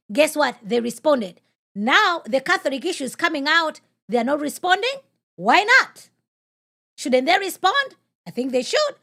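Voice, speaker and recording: High-voiced woman, emphatic preacher-like host. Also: fairly bright tone. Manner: emphatic, fires off rhetorical questions; preacher-like, repeats phrases for emphasis. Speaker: podcast host. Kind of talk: live-stream commentary, reading viewer comments.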